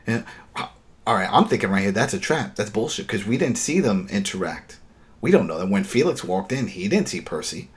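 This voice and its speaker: A man co-hosting a podcast, retelling a TV episode in a casual, animated and exasperated way, often restarting his sentences. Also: on the low side, fairly quick. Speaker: podcast co-host.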